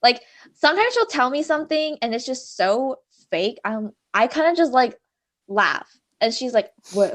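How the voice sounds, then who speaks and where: A woman's voice: a little high, moderate pace. A young woman co-hosting a podcast, telling stories in a casual, rambling way with lots of fillers. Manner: filler-heavy, animated storytelling. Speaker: podcast co-host. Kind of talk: casual chat.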